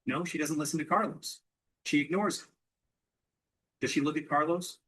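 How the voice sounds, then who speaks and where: A man leads an English lesson as a steady question-and-answer drill. His voice is breathy and a little husky. He asks a simple question, then repeats the answer back clearly. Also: a little high, normal speed, rough recording. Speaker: English teacher.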